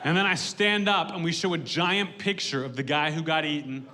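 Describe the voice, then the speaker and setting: Male stand-up, deadpan, bright and cutting tone, faint hiss. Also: on the high side, moderate pace. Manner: deadpan, dry delivery. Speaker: stand-up comedian. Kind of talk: stand-up set on stage.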